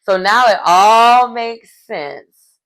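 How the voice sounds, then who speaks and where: A woman's voice: on the high side, expressive, extremely slow, a bit bright. A woman giving casual recap commentary on a reality TV episode, chatty and slangy with wry asides.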